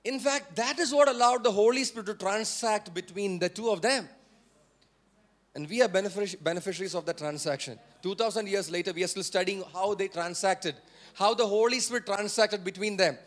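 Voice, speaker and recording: A male pastor with an Indian English accent preaching a sermon, repeating phrases and prompting the congregation to say words back, rising to forceful emphasis. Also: high voice, fairly quick. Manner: repetitive, call-and-response preaching.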